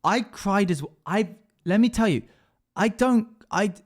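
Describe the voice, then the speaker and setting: A man's voice: high-pitched, expressive, a little slow. A man streaming live as a dungeon master, chatting emotionally and rambling as he reacts to chat. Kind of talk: casual livestream chat.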